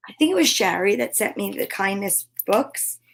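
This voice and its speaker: A woman hosting a children's story time, talking in an upbeat, gentle, affirming way. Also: medium pitch, animated, moderate pace, creaky, a little hiss or hum, rough recording. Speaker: host reading children's books.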